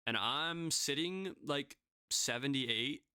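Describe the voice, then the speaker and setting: Young man, casual storytelling, self-deprecating, clear resonant voice. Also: medium pitch, slow pace, pushed and bright, no room sound, studio quality. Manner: rambling, self-deprecating, full of fillers. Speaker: podcast guest pitcher.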